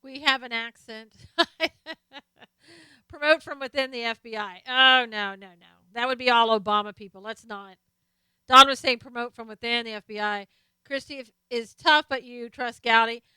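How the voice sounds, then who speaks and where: A woman's voice: a little high, moderate pace, sharp tone, clear, resonant tone, no echo. A woman hosting a live stream, casually chatting about politics and answering viewer comments as she reads them out. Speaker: live stream host reading chat.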